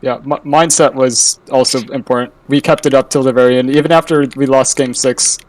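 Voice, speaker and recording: A male player answering interview questions, excitable and laughing as he tells his story. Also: mid-range voice, brisk, distant mic, rough recording. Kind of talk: post-match interview.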